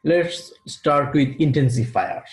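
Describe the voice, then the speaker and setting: A man teaching an English grammar lesson, speaking slowly and deliberately and repeating key terms for his students. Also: mid-range voice, expressive. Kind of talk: recorded classroom lecture. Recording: roomy echo.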